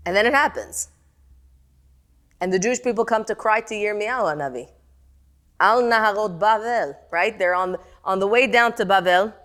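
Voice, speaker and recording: A middle-aged woman teaching a text-study class, animated and questioning her students. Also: mid-range voice, moderate pace.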